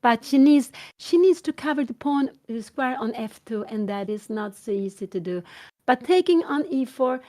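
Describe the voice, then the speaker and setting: Excitable older woman commenting on chess. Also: on the high side, normal speed. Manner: excitable, nervous, apologetic, thinks aloud through variations.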